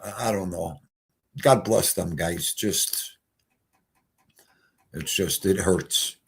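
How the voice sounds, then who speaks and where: A man's voice: sits low, slow, creaky. A man hosting a casual livestream chat, rambling and emotional as he talks to his guests and the chat. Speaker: livestream host.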